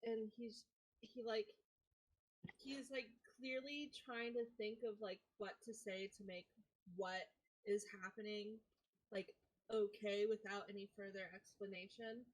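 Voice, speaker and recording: A woman's voice: mid-range voice, little pitch movement, a little slow, poor audio. A woman player casually describing her character's actions, rambling with constant "like"s. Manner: rambling, packed with "like". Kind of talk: casual game narration.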